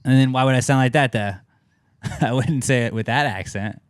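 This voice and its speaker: A man's voice: medium pitch, normal speed, smooth, dry recording, studio quality. A man hosting a podcast in casual chat, grumbling and swearing freely. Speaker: podcast host.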